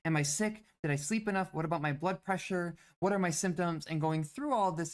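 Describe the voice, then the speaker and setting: A woman instructor lecturing on psychology, explaining points plainly with some fillers and restarts. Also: fairly low pitch. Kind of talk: recorded lecture.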